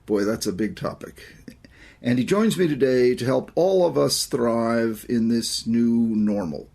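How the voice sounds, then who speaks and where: Male podcast host, gravelly and husky, calm and encouraging interviewer. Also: medium pitch, measured pace.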